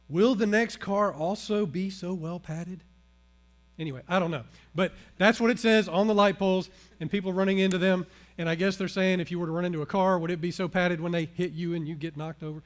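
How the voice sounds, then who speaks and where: A man preaching a sermon. He swings between loud emphasis and hushed, earnest passages. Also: on the high side. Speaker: pastor.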